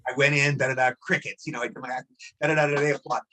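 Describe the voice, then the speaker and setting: A man's voice: mid-range voice, fairly even intonation, racing, pushed and bright. A man in his sixties, a guest actor telling rambling anecdotes in a casual interview and repeating himself.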